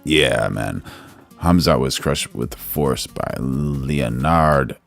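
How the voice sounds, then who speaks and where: A man with an extremely deep, gravelly voice hosts a casual live stream. He reads chat messages aloud in a laid-back way, calling people bro. Faint music plays behind him. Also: extremely slow. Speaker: livestream host.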